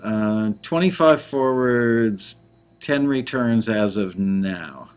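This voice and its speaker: A man's voice: lowish voice, animated, slow, clear, resonant tone. A man hosting a casual talk show, reviewing songs in a rambling, playful way with frequent restarts. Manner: rambling, self-interrupting, playful. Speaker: host reviewing music tracks. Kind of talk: casual chat.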